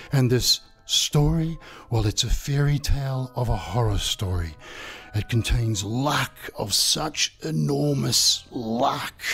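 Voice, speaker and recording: New man, crude comic storytelling, gravelly voice, playful mocking tone, faint music behind. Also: medium pitch, fairly bright tone. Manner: playful and mocking, with chuckles and drawn-out pauses. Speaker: storyteller and channel host.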